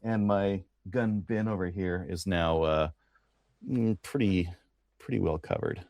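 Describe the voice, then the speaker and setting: Man, very deep voice, gravelly, casual podcast chat, rambling, dry close sound. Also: measured pace, no echo. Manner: relaxed, rambling with fillers and restarts. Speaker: podcast co-host.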